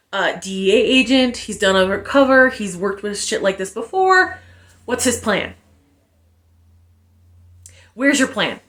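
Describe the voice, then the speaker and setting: A woman giving a casual spoken book review, animated and sarcastic, with exasperated asides and the odd curse. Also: on the high side.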